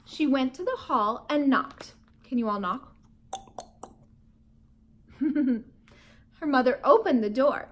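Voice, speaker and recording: Expressive high-voiced teacher reading aloud. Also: female voice, slow, long pauses. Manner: expressive, animated storytelling. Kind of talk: reading a children's book aloud.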